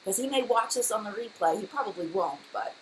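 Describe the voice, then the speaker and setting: A woman in her thirties hosts a live chat and talks quickly in a loose, rambling way, full of fillers and restarts. Her voice sits at an ordinary pitch, with faint noise in the background. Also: lively intonation, poor audio. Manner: fast, chatty, rambling with many fillers. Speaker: beauty channel host. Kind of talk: live-stream chat answering viewers.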